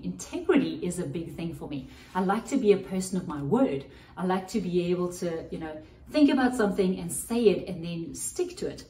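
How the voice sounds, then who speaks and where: A woman's voice: fairly low pitch, dark tone, echoey room, far from the mic, low-quality recording. A woman hosting a Christian podcast as a coach, giving an earnest, reflective teaching monologue and often checking in with "right?".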